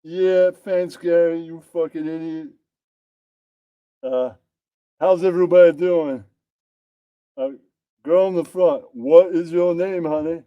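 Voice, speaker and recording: A man's voice: a little high, steady tone, slow pace, pauses often, warm tone, no echo, muffled recording. A man voicing an abrasive male stand-up comic who crudely insults his audience.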